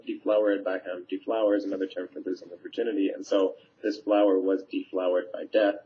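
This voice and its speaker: A man's voice: sits low, slight background noise. A man, a teacher, casually summarizing a play scene for students, paraphrasing lines with fillers, recorded on a webcam mic. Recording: dull lo-fi webcam audio.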